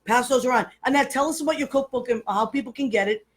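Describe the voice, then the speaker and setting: A woman's voice: fairly high pitch, fast. A woman hosting a casual talk show, effusive and exclamatory, greeting viewers by name and gushing over her guests. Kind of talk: casual live show chat.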